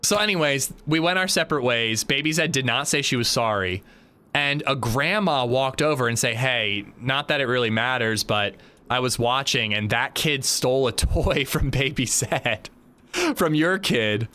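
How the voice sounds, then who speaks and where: A man's voice: mid-range voice, moderate pace, pushed and bright. A man livestreaming a game, chatting casually and telling stories, swearing and acting out the quotes. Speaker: streamer. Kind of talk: casual livestream chat while gaming.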